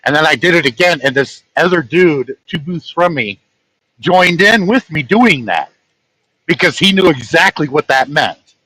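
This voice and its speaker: A man's voice: fairly high pitch, expressive, moderate pace, sharp tone, no echo, low-quality recording. A man, a truck-driving vlogger, telling a story in a rambling, chatty way and chuckling at his own tales. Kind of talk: casual storytelling.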